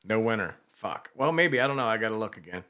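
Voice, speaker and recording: A man's voice: lowish voice, expressive, fast, pushed and bright. Crude joking male radio co-host. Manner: crude, joking, swears freely. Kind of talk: casual radio banter.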